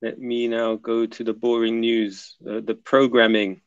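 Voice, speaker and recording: A man with a gravelly, creaky voice hosts a casual livestream from his desk. He mutters to himself while setting things up and chats with viewers between comments. The recording is dry and dull, with a lo-fi edge. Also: medium pitch, level tone, measured pace, no room sound. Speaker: livestream host.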